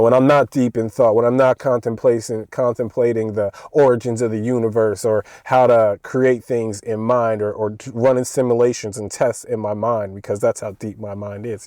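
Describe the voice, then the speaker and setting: A man's voice: medium pitch, dark tone, dry recording. A man casually telling a story from work to his audience in a laid-back, slangy way, chuckling often and throwing in "bro" and "you know.". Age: adult, older than his young coworker.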